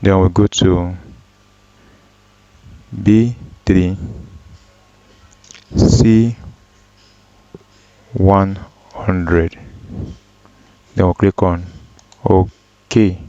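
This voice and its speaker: A man with a very low, mellow voice guides viewers through a spreadsheet task at an unhurried pace. He pauses often with ums and corrects himself as he goes. The recording is dry and slightly dull. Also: little pitch movement, no room sound. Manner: slow, step-by-step with frequent ums and self-corrections. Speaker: data analysis tutor. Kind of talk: screen-recorded software tutorial.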